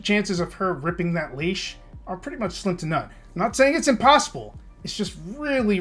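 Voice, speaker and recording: A man's voice: high voice, a bit bright. A man opening a game stream with casual chat, then venting in a heated, profane, repetitive way. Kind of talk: casual stream intro turning into a rant.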